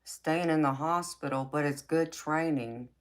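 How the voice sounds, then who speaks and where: A woman with a low, raspy voice hosts a late-night live chat. She reads out her viewers' comments and answers them with sassy warmth, calling them baby. Her mouth is a little dry from talking so long. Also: a little slow. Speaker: tarot reader and live-stream host.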